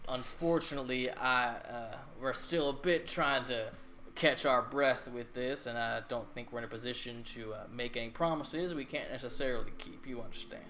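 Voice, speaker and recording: A man's voice: mid-range voice, normal speed, hardly any pauses, bright, forceful tone, slight background noise, natural voice. A man voicing a plump, genial middle-aged male city governor with a country accent, courteous and hearty. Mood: apologetic. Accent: American Southern country accent.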